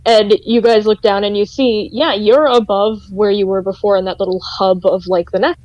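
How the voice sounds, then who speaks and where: A woman narrating as game master of a tabletop game over voice chat, casual and drawn out with pauses. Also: mid-range voice, steady tone, a little mellow, highs cut off.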